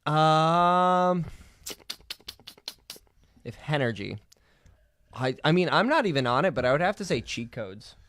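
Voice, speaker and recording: A man co-hosting a podcast in casual chat, joking and reacting with quick comments. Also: a little high, animated, fairly bright tone, a little hiss or hum. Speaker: podcast co-host.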